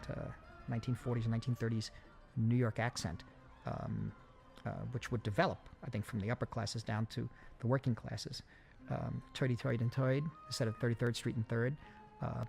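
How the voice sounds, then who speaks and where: A man talks through a film commentary in a halting way, stopping and restarting often. His voice has a heavy gravelly fry at a middling pitch. Faint music plays underneath. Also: darkish tone. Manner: halting, many fillers and restarts. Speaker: film director giving commentary.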